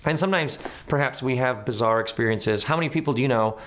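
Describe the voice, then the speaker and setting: A man's voice: medium pitch, quick pace. A middle-aged man, an author and speaker, talking reflectively in an interview and acting out the voices of people in his stories. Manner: animated, acts out quoted voices in his stories. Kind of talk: reflective conversational storytelling.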